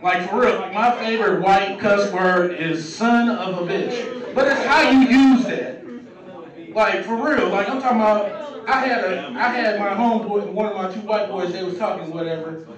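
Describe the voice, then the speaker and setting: A man's voice: sits high, normal speed. Man, thirties, stand-up comic, loose and profane, roomy distant sound. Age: 30s. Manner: loose, profane, conversational delivery with acted-out quotes. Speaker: stand-up comedian. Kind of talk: open mic stand-up set. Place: comedy club stage. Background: crowd laughing.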